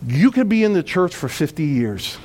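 A man preaching a sermon as pastor, swelling from quiet, emphatic points into loud, urgent appeals. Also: a little high, sing-song. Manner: preaching with sudden swells of volume and emphatic slowdowns.

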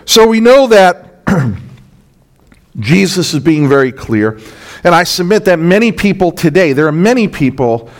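A male pastor delivering a verse-by-verse sermon in a fairly high voice. He is earnest and emphatic, checking in with the congregation through quick rhetorical asides. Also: big pitch swings. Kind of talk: expository sermon.

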